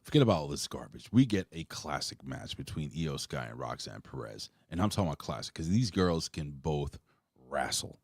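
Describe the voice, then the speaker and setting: A man's voice: extremely low pitch, very animated, normal speed, dry recording, clean studio sound. A man hosting a casual live wrestling review, recapping in a loose, rambling way full of swearing. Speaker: host of a wrestling review show. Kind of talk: casual live-stream chat.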